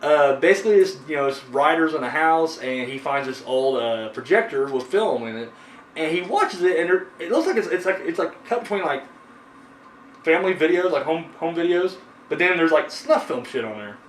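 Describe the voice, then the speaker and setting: A man hosts a horror movie review show, rambling casually with plenty of fillers and profanity. His voice sits fairly high. He is caught at a distance in an echoey room under faint noise. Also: animated, normal speed. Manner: rambling, swears freely, frequent fillers. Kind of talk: casual chat.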